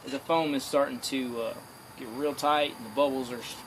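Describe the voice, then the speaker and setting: A man's voice: medium pitch, fairly even intonation, normal speed. A man joking around and talking to himself and his viewers while working by a fire outdoors, filmed on a phone. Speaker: hobby metalworker. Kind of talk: casual self-filmed commentary. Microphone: phone camera. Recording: loud outdoor noise on phone.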